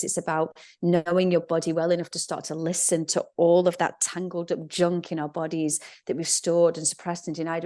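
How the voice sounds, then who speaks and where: Low-voiced woman telling stories. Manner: animated storytelling, acts out inner voices. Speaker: guest, yoga teacher and crystal healer. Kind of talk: conversational podcast interview.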